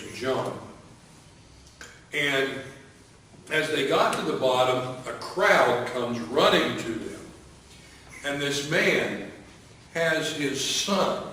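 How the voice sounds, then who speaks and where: A man preaching a sermon as pastor, unhurried, with many fillers and restarts. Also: mid-range voice, bright, forceful tone, slight background noise. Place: church sanctuary. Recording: echoey church hall, voice from a distance.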